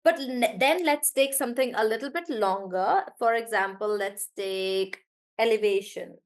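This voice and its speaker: Woman teacher sounding out syllable stress. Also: a little high. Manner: animated, drawn-out demonstration of syllable stress, self-correcting. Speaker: online English teacher. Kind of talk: live online class.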